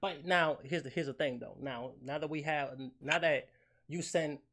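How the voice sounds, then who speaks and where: A man's voice: a little high, normal speed, a little hiss or hum. Joking, foul-mouthed young male host. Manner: animated, joking, swears a lot, fillers like "you know what I'm saying". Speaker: podcast host. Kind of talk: casual chat.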